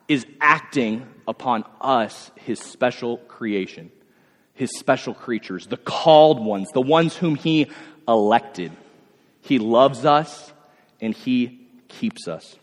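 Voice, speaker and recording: A man in his thirties preaching a sermon, animated and full of rhetorical questions and asides. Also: on the high side. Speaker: pastor. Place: church sanctuary. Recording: long hall reverb.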